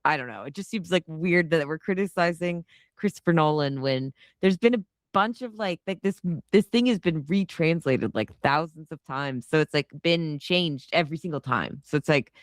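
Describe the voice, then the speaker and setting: A woman's voice: deep voice, animated, normal speed, dry recording, studio quality. A woman co-hosting a film podcast, chatting casually and animatedly, swearing often. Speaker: podcast co-host. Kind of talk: casual chat.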